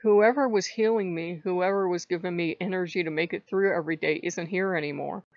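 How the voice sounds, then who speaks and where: A woman's voice: on the low side, fairly even intonation, a little fast, no room sound. A woman hosting a casual spiritual vlog, talking in a rambling, chatty way and swearing now and then. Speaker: channel host. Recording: dull lo-fi dry sound.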